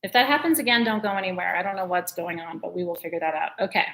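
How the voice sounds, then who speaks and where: A woman's voice: lowish voice, fast talker, creaky, fairly bright tone. A woman hosting a live-stream sale, chatting in a gushing way and laughing often. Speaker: host selling crystals. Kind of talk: live-stream sales chat.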